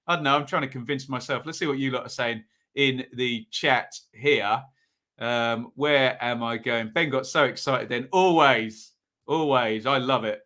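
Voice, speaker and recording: Brit guy hosting a football predictions stream, reads the chat, lots of ums and "isn't it", bright voice. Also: medium pitch, measured pace. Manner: chatty and upbeat, many ums and rhetorical tag questions. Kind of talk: casual live-stream commentary, reading chat aloud.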